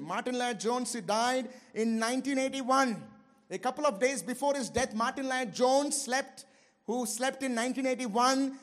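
A man preaching a sermon with passion, swinging between loud, fervent lines and quiet, low asides. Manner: impassioned, swings between shouting and low asides, laughs often. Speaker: pastor.

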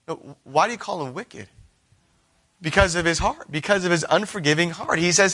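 A man's voice: fairly high pitch, brisk, sharp tone. A man preaching an earnest sermon, reading scripture aloud and acting out the voices of the people he quotes.

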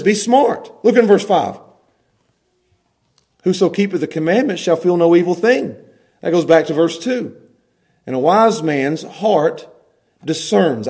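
A man preaching a sermon as a pastor, swinging from loud emphasis to quiet asides. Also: high voice.

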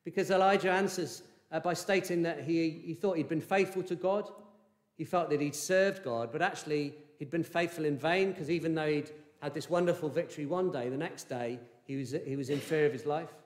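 A man preaching a sermon in an earnest, measured way, with fillers and restarts. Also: on the high side, reverberant.

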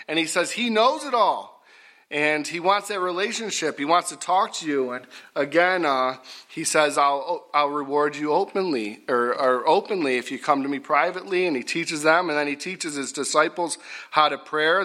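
Middle-aged guy preaching, folksy, keeps repeating himself, bright sharp voice that goes loud. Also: fairly high pitch. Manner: folksy, repetitive, rising to loud emphatic bursts. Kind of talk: sermon.

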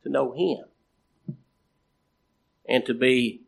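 A man preaching a sermon in a slow, repetitive cadence, with emphatic rises and phrase endings that trail off quietly. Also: medium pitch, creaky.

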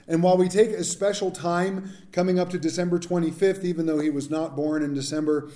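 Guy preaching, cracks jokes, kinda high but mellow voice. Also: brisk, hardly any pauses. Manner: jokey, animated preaching with asides. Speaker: pastor. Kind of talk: sermon.

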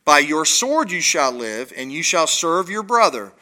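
A man's voice: a little high, very animated, measured pace, sharp tone, exaggerated voice. A man reading as a solemn old father giving a blessing.

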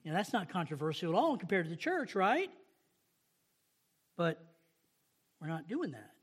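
High-voiced preacher asking rhetorical questions. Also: male voice, big pitch swings, moderate pace, husky. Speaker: pastor. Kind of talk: sermon.

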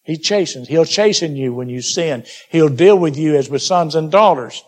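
High-voiced preacher man exhorting. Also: moderate pace, a little mellow. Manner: exhorting, addresses listeners as beloved; reads scripture aloud in King James wording. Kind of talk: sermon.

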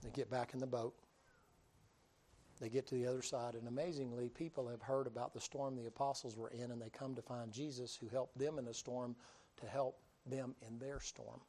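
A man preaching a storytelling sermon in a folksy, humorous way, swinging between loud and quiet delivery. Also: medium pitch, fairly even intonation, normal speed.

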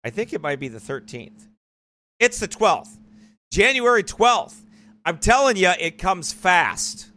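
Man, church livestream host, fairly high and forceful voice, rambling casual talk. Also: very animated, unhurried, pauses often. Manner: rambling, digressive. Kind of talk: casual live-stream commentary.

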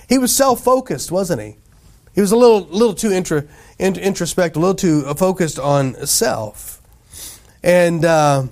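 In a fairly high male voice, a pastor talks through his sermon casually, frequently turning questions to the congregation and acting out the voices he quotes.

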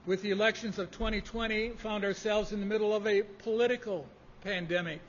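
A man preaching a sermon, measured and emphatic in delivery. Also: high voice, fairly even intonation, a little hiss or hum. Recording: dull lo-fi audio in a reverberant hall.

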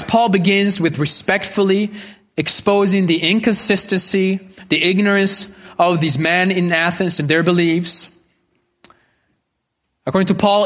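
A male preacher delivers a sermon with an earnest, pleading manner. He repeats his key phrases for emphasis, and his voice sits somewhat high for a man. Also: fairly bright tone.

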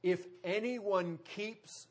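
A man preaching a sermon, driving points home with emphatic repetition and dramatic pauses. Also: high voice, a little mellow. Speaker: pastor.

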